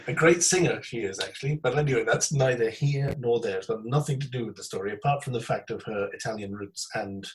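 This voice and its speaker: A man's voice: fairly low pitch, recorded from a distance, rough recording. Rambling man telling anecdotes. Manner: rambling, animated anecdotes with laughs. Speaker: podcast host. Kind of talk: casual storytelling chat.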